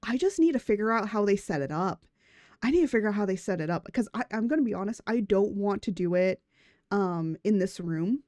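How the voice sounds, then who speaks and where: A woman streamer chatting casually from a room at home, giggly and rambling, often tripping over her own words. Her voice sits at an ordinary pitch. The sound is dry and close, with little room in it. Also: lively intonation, brisk, darkish tone, dry recording. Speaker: VTuber streamer.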